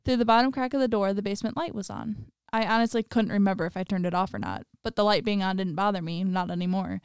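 Very clear-voiced woman reading horror aloud. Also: medium pitch, fast talker, no room sound, clean studio sound. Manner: laughs often, chatty asides with lots of "like". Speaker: story reader. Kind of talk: reading a horror story aloud with casual commentary.

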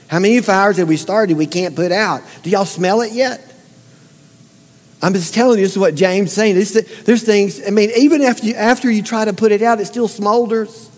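Emphatic preacher in an echoing hall. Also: male voice, high voice. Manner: folksy, emphatic preaching with direct questions to the congregation. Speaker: pastor. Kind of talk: sermon. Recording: long hall reverb.

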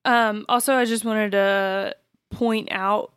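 A woman co-hosting a podcast, chiming in calmly with points about a film's plot. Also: medium pitch, slow pace, clean tone, no echo, clean studio sound. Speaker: podcast co-host. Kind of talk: casual film recap chat.

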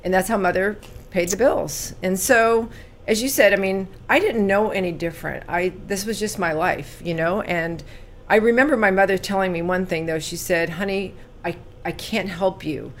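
A woman in her sixties from California, telling her life story as an interview guest, earnest and animated when recounting, quiet at painful moments. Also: mid-range voice, normal speed, slight background noise.

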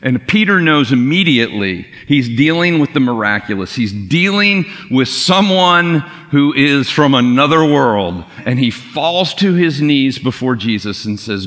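A man's voice: medium pitch, unhurried, few pauses. A man preaching a sermon as pastor, telling the story in a casual way. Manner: casual storytelling with lively acted quotes. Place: church sanctuary. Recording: long reverb of a large hall.

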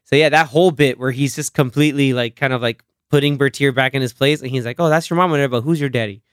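A man co-hosting a podcast, chatting casually about movies in a rambling, animated way and acting out lines. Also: mid-range voice, fast, clean tone, dry recording, clean studio sound. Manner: rambling, animated, acts out film quotes. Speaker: podcast co-host.

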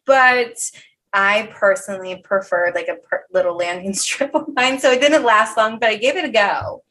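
A woman's voice: mid-range voice, normal speed, pushed and bright. Frank, supportive woman podcast host. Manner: frank and supportive, lots of agreeing and laughing. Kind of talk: casual chat.

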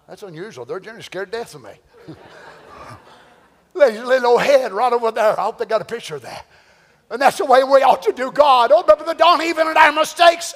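A man preaching a sermon to a church congregation, animated and firing rhetorical questions. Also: high voice. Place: church sanctuary. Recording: long church-hall reverb.

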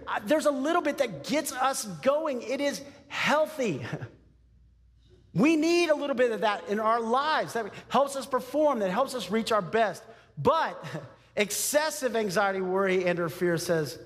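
A man preaching with a high-pitched voice that carries through a reverberant church hall. He talks in an animated, conversational way, dropping frequent asides to his listeners. He grew up in Texas. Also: normal speed. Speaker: pastor. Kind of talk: sermon.

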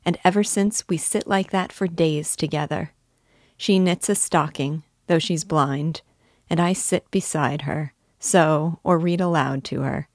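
A woman's voice: sits low, a little slow, dry recording, studio quality. Nastenka, a woman reading a teasing young girl. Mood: confiding. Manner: teasing, eager questions. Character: lively playful young woman, teasing and curious. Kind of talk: audiobook character reading.

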